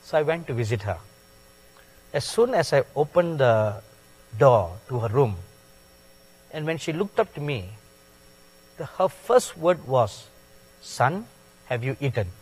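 A man preaching a sermon in a slow, deliberate way, stressing words with sudden loud peaks. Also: on the high side, sing-song, husky. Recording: long hall reverb.

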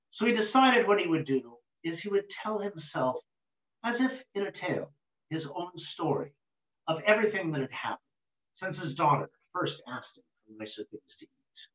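A man telling a folk tale aloud in an unhurried, rhythmic way, with sudden lifts in his voice. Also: on the high side, sing-song, fairly bright tone. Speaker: storyteller. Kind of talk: oral folk-tale storytelling. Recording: roomy dull lo-fi recording.

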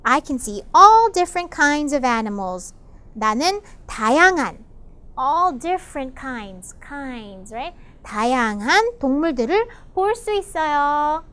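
Brief: woman teacher, enthusiastic storybook reader, bright high voice, fast delivery. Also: sing-song. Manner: enthusiastic, gasps often, explains in Korean. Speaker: English teacher reading a picture book. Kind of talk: bilingual storybook lesson for children.

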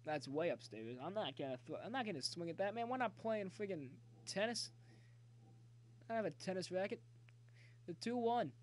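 A man streaming a baseball video game, talking chattily to viewers and yelling excitedly at the plays. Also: high voice, a little fast, slight background noise. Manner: excitable, cheers and yells at the game; talkative, jokey banter with viewers. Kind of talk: live gameplay commentary.

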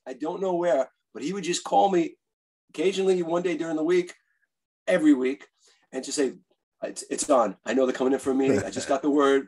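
Husky-voiced New man telling stories. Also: fairly high pitch, brisk, rough recording. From Bronx, New York. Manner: animated, eager storyteller who acts out quotes. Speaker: guest author and musician. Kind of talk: casual interview storytelling.

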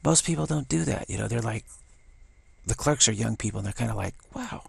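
An older man giving a casual spiritual talk, rambling and halting with many restarts and playful acted-out quotes. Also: lowish voice, lively intonation, creaky, husky, no echo. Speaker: spiritual teacher.

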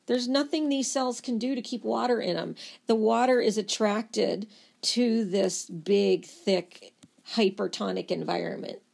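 A woman lecturing on body systems, telling the material as a playful, animated story. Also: medium pitch, a little slow, creaky. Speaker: nursing lecturer.

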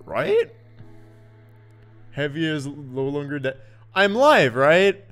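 A man streaming live in casual chat, greeting viewers by name and laughing often as he swings from loud yelps to mumbles. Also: medium pitch. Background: faint looping music.

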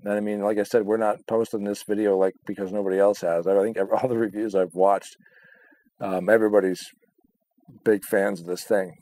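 A man's voice: on the low side, flat delivery, fairly quick, warm tone. A man co-hosting a casual chat, swearing a lot, laughing often and acting out his own reactions. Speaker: podcast co-host.

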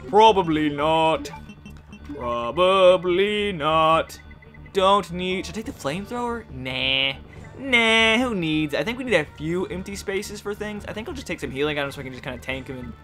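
A young man doing rambling, joking commentary while playing a video game, often yelling at it. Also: a little high. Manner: goofy, rambling, yells and jokes at the game. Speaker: gaming YouTuber. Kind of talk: let's play commentary.

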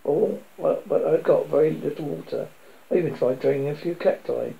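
A man reading a calm young leader. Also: fairly high pitch, normal speed, vocal fry, phone-quality sound. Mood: explaining.

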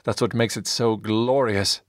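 A fanatical paladin holds forth with booming self-righteous zeal, as a male narrator puts him on. The voice sits low and carries clean and close with no room around it. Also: fairly even intonation, measured pace, no echo, natural voice. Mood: zealous. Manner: proclaiming, zealous, commanding.

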